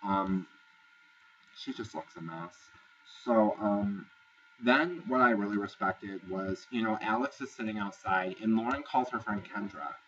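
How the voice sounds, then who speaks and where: A man's voice: fairly low pitch, unhurried, a bit bright, distant mic, dull audio, slight background noise. A man casually recapping a reality show episode, chatty, gossipy and profane. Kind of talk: casual review vlog.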